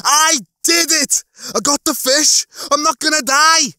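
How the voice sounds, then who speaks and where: A man voicing a frantic young male crewman in a comedy audiobook, yelling in wild excitement. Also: very high-pitched, measured pace, dry recording, clean studio sound, pitched above the performer's own voice, exaggerated voice. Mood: triumphant yelling.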